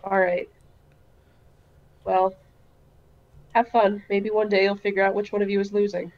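A woman playing her character in a tabletop game, chatty and playful with quick questions. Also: mid-range voice, level tone, muffled recording. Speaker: player.

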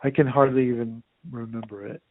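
A man's voice: medium pitch, fairly even intonation, a little fast, no room sound. A man co-hosting a podcast, chatting casually about a rock album, easygoing and chuckling often, trailing off with fillers. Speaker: podcast co-host. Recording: dry, thin phone-like sound.

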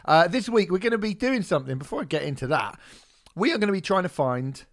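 A man's voice: high-pitched, animated, fast talker. A man co-hosting a music podcast, joking and bantering casually, swearing now and then. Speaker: podcast co-host.

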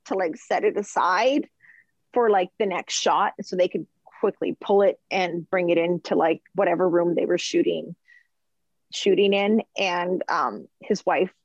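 A woman's voice: lowish voice, a little slow, no echo, highs cut off. Chatty woman telling kitchen stories. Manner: chatty and animated, lots of "like" and "um", laughs while telling stories. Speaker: chef and food journalist, podcast guest. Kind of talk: casual storytelling chat.

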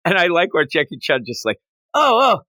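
A man co-hosting a casual podcast chat, animated and quick to act out lines from the story. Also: on the high side, no echo. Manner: animated, acts out quoted characters in passing. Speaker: podcast co-host.

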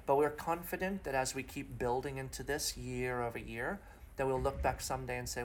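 A man's voice: medium pitch, fairly even intonation, brisk, hardly any pauses, slight background noise. A middle-aged man, a pastor, telling a long personal story in a podcast interview through vivid extended metaphors.

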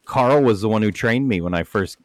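A man's voice: fairly low pitch, a little fast, no echo, clean studio sound. A man co-hosting a podcast in casual chat, blunt and crude with jokes. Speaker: podcast co-host.

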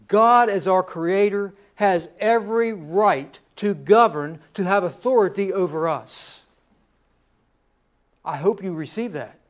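A male pastor preaching a sermon in a conversational way, often repeating phrases and checking in with "right?". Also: high voice.

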